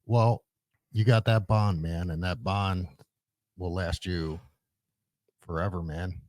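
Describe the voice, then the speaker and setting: A man hosting a casual podcast interview, talking in a warm, affectionate, brotherly way. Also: sits low, fairly even intonation, takes it slowly, no echo. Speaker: podcast host.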